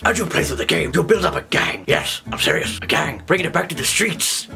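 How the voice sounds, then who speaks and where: A man's voice: on the high side, big pitch swings, a little fast, vocal fry, hardly any pauses, pushed and bright, faint music behind. A young British man from England doing a comedic, sweary game review, rambling off on tangents and bursting into song.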